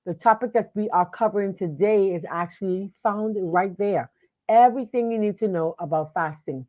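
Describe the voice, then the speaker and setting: A woman's voice: mid-range voice, moderate pace, a little mellow, dull audio. A woman hosting a live online talk show, speaking casually with lots of fillers and restarts and greeting viewers by name. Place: home studio at a computer.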